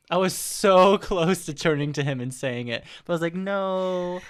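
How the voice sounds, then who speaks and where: Young man telling a lively story. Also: a little high, fairly quick, few pauses, clear, resonant tone. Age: young adult. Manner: animated storytelling, quoting people in put-on voices. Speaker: podcast co-host. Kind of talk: casual chat.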